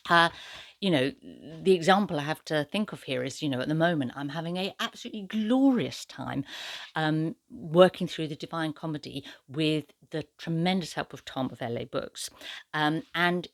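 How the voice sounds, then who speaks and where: Low-voiced chatty woman book vlogger. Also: moderate pace, no room sound. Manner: chatty, hesitant, many fillers and restarts. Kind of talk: casual book review talk.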